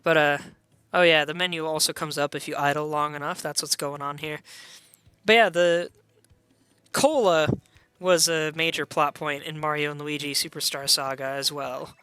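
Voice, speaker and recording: A man's voice: a little high, steady tone, normal speed, sharp tone, clear, resonant tone, no room sound. A man casually commentating a video game stream, chatty with meandering asides.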